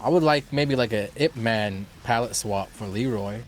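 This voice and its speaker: A man's voice: mid-range voice, normal speed, faint music behind. A man chiming in with offhand, casual remarks during a tournament stream. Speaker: co-commentator. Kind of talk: casual chat.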